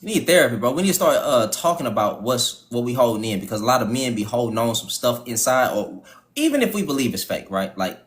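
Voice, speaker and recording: A man's voice: mid-range voice, big pitch swings, quick pace. A man hosting a live panel stream, ranting profanely with restarts, stutters and laughter. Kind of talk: casual live-stream talk.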